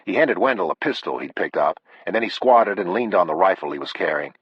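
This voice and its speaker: Deep, gravelly male audiobook narrator. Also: expressive, no echo. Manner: measured, unhurried reading. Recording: dull, dry lo-fi audio.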